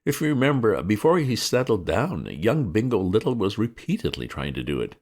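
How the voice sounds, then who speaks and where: A man voicing a breezy, flippant young gentleman who chatters excitably. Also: fairly low pitch, brisk, voice pushed up.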